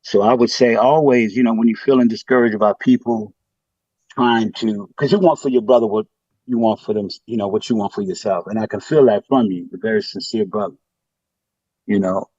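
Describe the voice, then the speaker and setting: Earnest halting man on a muffled call. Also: on the low side, warm tone, slightly rough, no room sound. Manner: halting, earnest, many fillers. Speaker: caller. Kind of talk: testimony on a call-in.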